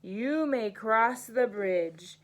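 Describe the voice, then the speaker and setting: A smelly, greedy troll from a bedtime story, shouting and blustering at anyone crossing his bridge, played by a woman reading aloud. His threats come out loud, slow and heavy. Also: fairly high pitch, expressive. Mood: gruff.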